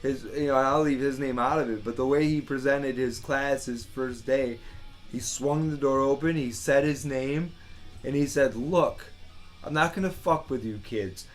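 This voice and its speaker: A man's voice: medium pitch, fairly even intonation, moderate pace, faint music behind. A man in his thirties co-hosting a casual podcast, blunt and profane, with frequent restarts. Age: 30s. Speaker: podcast co-host.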